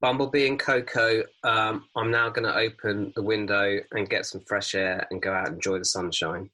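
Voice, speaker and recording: A man's voice: lowish voice, fairly even intonation, normal speed, pushed and bright, low-quality recording. A man co-hosting a casual film review podcast, chatty and prone to restarts. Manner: chatty, with frequent restarts and filler. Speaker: podcast co-host.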